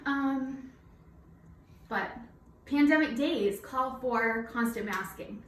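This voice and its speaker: A woman's voice: high-pitched, takes it slowly, a bit bright, slight background noise. A woman working as a night nurse, talking a little out of breath through a face mask as she teaches a nursing simulation in a chatty, informal way with many fillers. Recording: roomy echo, mic at a distance.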